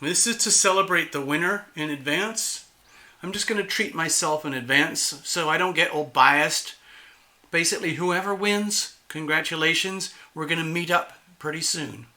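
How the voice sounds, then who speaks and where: Bright-toned chatty male host. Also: fairly high pitch, moderate pace. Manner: chatty, playful, self-admittedly nervous. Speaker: tarot channel host. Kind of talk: casual solo livestream talk.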